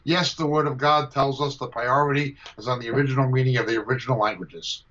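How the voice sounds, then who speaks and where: A man teaching on scripture over a video call, forceful and combative, hammering his points home by repeating them. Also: mid-range voice, steady tone, fast talker. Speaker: Bible teacher. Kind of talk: emphatic teaching answer to a question. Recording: dull lo-fi video call audio.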